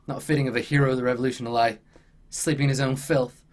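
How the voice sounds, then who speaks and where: A man's voice: medium pitch, level tone, quick pace, close to an everyday voice. A smug, overdressed male rogue who talks down to people with a sneer, as a man puts him on. He is mocking and self-satisfied, a small side character in a tabletop game. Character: smug dandy male rogue with gold teeth.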